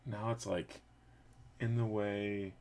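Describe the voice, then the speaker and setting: A man's voice: on the low side, little pitch movement, slow pace, darkish tone, a little hiss or hum. A man casually chatting to his livestream viewers while painting a model, rambling with lots of fillers. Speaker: streamer painting a 3D print.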